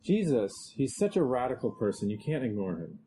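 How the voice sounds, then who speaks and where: A male preacher giving a conversational expository sermon, growing animated when he reads scripture aloud. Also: mid-range voice, a little fast, slight background noise, poor audio.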